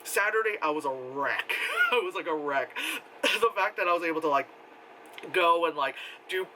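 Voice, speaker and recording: A man's voice: normal speed, a little hiss or hum, rough recording. A man vlogging a casual convention recap, rambling and swearing freely, laughing often and acting out what people said in a raised voice. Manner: animated, acts out quotes in a high voice, laughs often.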